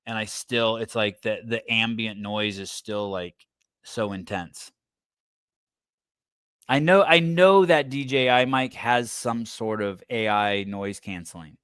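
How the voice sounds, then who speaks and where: A man's voice: fairly low pitch, takes it slowly, fairly bright tone, clear, resonant tone, dry recording. Male podcast host, rambling and foul-mouthed, talking close to a dry mic. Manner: profane, rambling riffs with stammered restarts. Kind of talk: casual livestream commentary.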